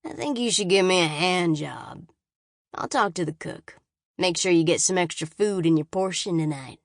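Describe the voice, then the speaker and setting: A crude male soldier guard, as a woman puts him on, taunts in a lazy, mocking drawl, his voice sitting a little low. It comes across dry and close, with no room around it. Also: normal speed, dry recording, close to an everyday voice. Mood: leering.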